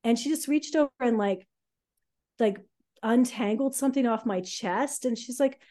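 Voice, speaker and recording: A woman telling her own life story on a podcast, candid and halting, with many fillers. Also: a little high, mellow.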